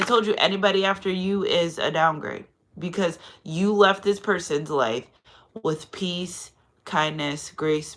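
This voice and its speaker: A woman's voice: sits low, a bit bright. A woman giving a casual spiritual card reading to her viewers. She talks in a chatty, digressive way, often asks "you know what I'm saying," and turns effusive and emotional when thanking them. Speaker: tarot card reader and channel host.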